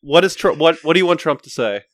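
A man's voice: a little high, animated, quick pace, a bit bright. A man co-hosting a comedy podcast in casual chat, dry and laid-back, steering the conversation back on track. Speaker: podcast co-host steering the debate.

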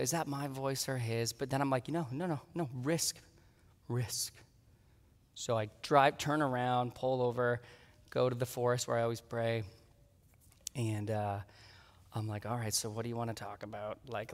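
A pastor giving a sermon, telling a story with lively acted-out dialogue. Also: male voice, medium pitch, moderate pace, big-room sound. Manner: animated storytelling, acting out his own dialogue.

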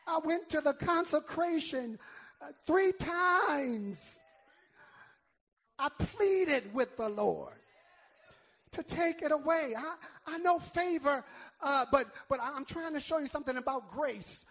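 High-voiced, slow-preaching male pastor. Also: a bit bright. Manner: emphatic preaching with stammered repeats and calls to the congregation. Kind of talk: sermon.

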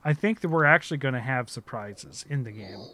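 Bright-voiced excitable man chatting. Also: medium pitch, brisk. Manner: excitable, laughs loudly, speculates at length. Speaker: podcast co-host. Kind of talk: casual chat.

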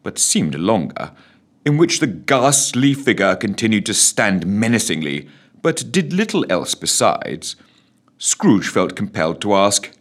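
A man's voice: lowish voice, big pitch swings, a little slow. Wry man reading a comic tale. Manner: wry, mock-solemn delivery. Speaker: narrator. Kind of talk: comic storytelling.

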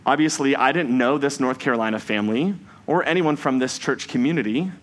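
A man preaching a Sunday sermon in a measured, reflective way, slowing down for emphasis on key phrases. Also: medium pitch, a little hiss or hum.

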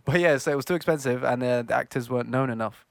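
A young man leading the news part of a relaxed podcast, pausing with lots of "uh"s and "um"s. His mid-pitched voice is picked up close and dry. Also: creaky, no echo. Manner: laid-back, hesitant, many fillers. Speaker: podcast co-host presenting the news. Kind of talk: casual chat.

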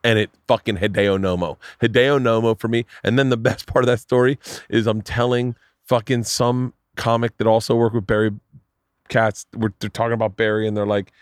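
A man hosting a podcast, telling long animated stories in casual chat, swearing freely. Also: on the low side, brisk, smooth, no echo, studio quality. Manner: animated, profane storyteller doing voices. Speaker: podcast host.

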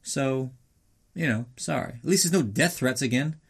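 A man's voice: normal speed, husky. A young man hosting a podcast, recapping a movie in a rambling, crude comic way. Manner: rambling and crude, acts out characters in high voices. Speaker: podcast host.

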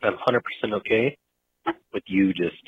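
A man's voice: lowish voice, normal speed, husky, no echo, phone-quality sound. A man on a casual podcast, teasing his friends and swearing.

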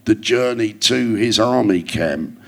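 Gravelly older man. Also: fairly low pitch, slow pace. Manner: rambling storyteller, wry. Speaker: guest comedian. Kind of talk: anecdotal chat.

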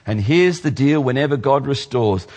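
A male pastor preaching a sermon, dropping low and slow for scripture and jumping higher for playful mock voices. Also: animated, a little mellow.

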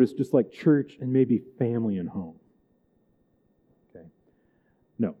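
A man's voice: medium pitch, moderate pace, long pauses, husky. A man teaching a church catechism class, conversational and digressive, often checking in with "right?" and "okay?". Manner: animated and emphatic, with chuckles. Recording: tinny, phone-like recording.

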